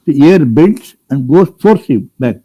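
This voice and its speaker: A man's voice: on the high side, lively intonation, a little slow, slightly rough, no echo, dull audio. An older man from India retelling a scripture story to a group, rambling, restarting and asking plain questions as he goes. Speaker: spiritual storyteller.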